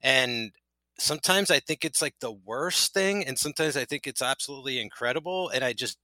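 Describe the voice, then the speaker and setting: A man's voice: mid-range voice, fairly quick, bright, forceful tone, no echo. A man co-hosting a podcast, chatting casually and rambling with lots of filler words. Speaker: podcast co-host. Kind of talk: casual chat.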